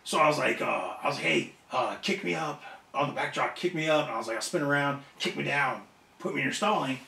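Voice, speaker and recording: A man in an interview, telling a wrestling story in a casual, profane, animated way and acting out the voices of other people. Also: medium pitch, fast talker, vocal fry. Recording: roomy echo, somewhat off-mic.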